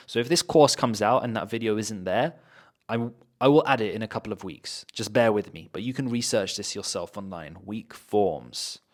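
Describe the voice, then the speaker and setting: A man with a British accent teaching a pronunciation lesson, saying example words slowly and repeating them to drill the sounds. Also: on the low side. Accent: British English. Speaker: accent coach.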